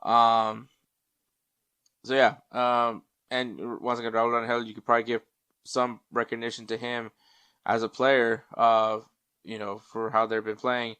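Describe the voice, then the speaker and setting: A man's voice: mid-range voice, flat delivery, unhurried, sharp tone, smooth, no echo. A man hosting a casual sports podcast, rambling with many ums and restarts, sometimes turning away from the mic to check stats. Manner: checks stats mid-show, drifts off mic. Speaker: podcast host.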